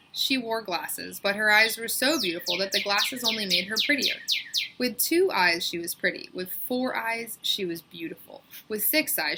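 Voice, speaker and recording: A woman reading a children's book aloud with lively, expressive storytelling. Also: a little high, very noisy. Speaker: storybook reader.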